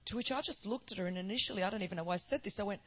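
A woman's voice: medium pitch, racing. Australian woman preaching her testimony. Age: 40s. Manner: storytelling, rising to emphatic proclamation. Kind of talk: sermon testimony.

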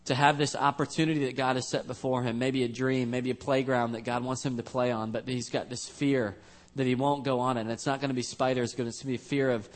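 A man's voice: medium pitch, fairly even intonation, fairly quick, hardly any pauses. A man preaching in a church as pastor, telling a family story in a casual, joking, conversational way. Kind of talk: storytelling sermon.

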